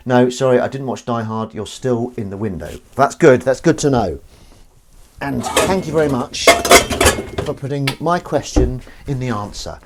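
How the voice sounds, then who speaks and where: This host has a mid-range, darkish voice with lively intonation at normal speed, and a little hiss or hum. Washing up in his home kitchen during a casual livestream, he chats and reads out comments. His manner is rambling and self-deprecating, with dishes and cutlery clinking behind him.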